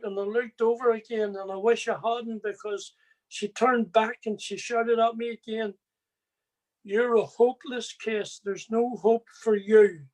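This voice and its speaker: A man's voice: high-pitched, darkish tone. A man giving a personal faith testimony, telling his story plainly and speaking straight to his listeners.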